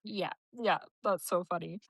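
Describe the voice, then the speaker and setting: A woman's voice: fairly low pitch, a little slow, creaky, fairly bright tone, dry recording. A woman hosting a podcast, chirpy and blunt, laughing often in casual chat. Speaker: podcast host.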